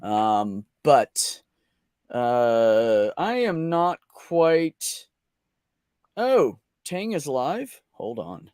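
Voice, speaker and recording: A man's voice: mid-range voice, sing-song, very slow, a little mellow, clean tone, no echo, clean studio sound. A young man hosting a casual livestream, crude and joking, laughing often as he reads chat. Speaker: livestream host.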